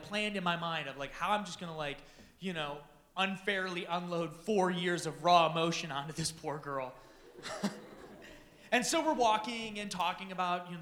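A man telling a comic personal story to an audience, animated and self-deprecating, acting out the dialogue. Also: sits high, reverberant, a little hiss or hum. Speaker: speaker addressing an audience.

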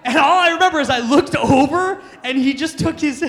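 A man speaking at a youth conference in a notably high-pitched voice. He tells self-deprecating stories with lots of energy and laughs through the funny parts. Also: fairly quick, fairly bright tone, long reverb tail. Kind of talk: storytelling talk to teens.

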